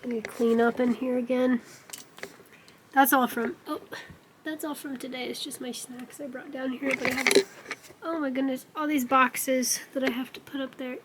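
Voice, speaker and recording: A young woman talks casually to camera at home, her voice sitting a bit high. She chats about her plans and her cats, slipping into soft baby talk for them. Faint background hiss sits under the recording. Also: fairly even intonation, normal speed, rough recording. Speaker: vlogger. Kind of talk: casual vlog chat. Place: home room.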